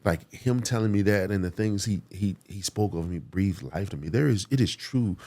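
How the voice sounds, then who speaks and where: A man in his forties from the United States, telling a personal story in an earnest, halting way and near tears. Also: low voice, dark tone. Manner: earnest, halting, many fillers and restarts. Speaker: guest.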